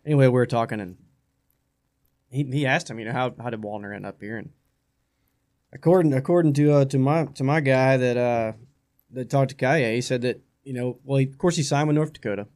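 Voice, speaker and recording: On a studio sports talk radio show, a male host with a mid-range voice rambles casually and a little fast, often saying things twice as he gets worked up.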